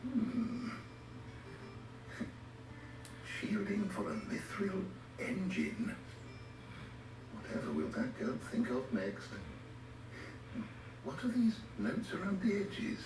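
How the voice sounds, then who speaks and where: An actor playing an older male scholar who speaks in a measured, formal, musing way. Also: high voice, wildly swooping pitch, music in the background, exaggerated voice. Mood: curious. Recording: echoey game audio from a TV, heard from far off.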